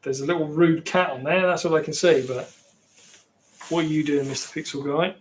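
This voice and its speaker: A man's voice: on the high side, fairly even intonation, normal speed, slight background noise. A man from England with an English accent, rambling casually as he chats with viewers on his livestream. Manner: rambling, chatty, reacting to viewers. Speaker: livestream host.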